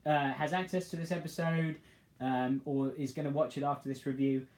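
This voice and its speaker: A man's voice: fairly high pitch, steady tone, brisk, darkish tone. A man co-hosting a casual podcast review, laughing a lot and acting out scenes. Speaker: podcast co-host. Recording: echoey room.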